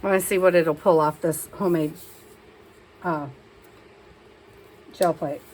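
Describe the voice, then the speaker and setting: A woman's voice: deep voice, steady tone, measured pace, a little mellow, rough recording. A woman talking casually through a crafting session as a vlogger, chatting and scolding herself as she works.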